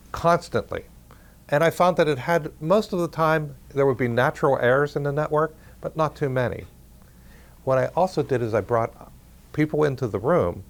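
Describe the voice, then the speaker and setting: A man at a middle pitch tells of his research to an audience. His talk is easygoing and conversational, with the odd restart, and he plays out the lines of the people in his story. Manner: conversational, acts out quoted dialogue. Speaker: parapsychology researcher.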